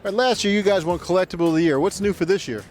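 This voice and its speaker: A male show host interviewing exhibitors at a trade show in a brisk, jokey manner. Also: high voice, a little mellow, faint music behind.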